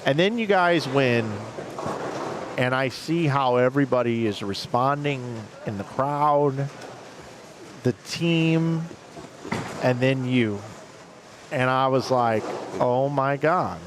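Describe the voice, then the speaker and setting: A man's voice: medium pitch, takes it slowly, pauses often. A man commentating on bowling, chatting casually and rambling through emotional restarts. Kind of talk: casual chat. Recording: noisy background.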